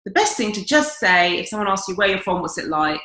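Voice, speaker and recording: A woman's voice: medium pitch, expressive, fast talker, sharp tone. A woman in her forties, a dating coach giving blunt, emphatic advice on a podcast, swearing freely. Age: 40s. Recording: echoey room.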